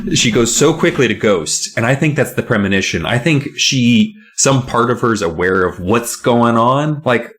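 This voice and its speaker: A man co-hosting a casual chat, recapping a book with jokes and quick silly voices for the characters. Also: mid-range voice, expressive, a bit bright. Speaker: podcast co-host recapping a book.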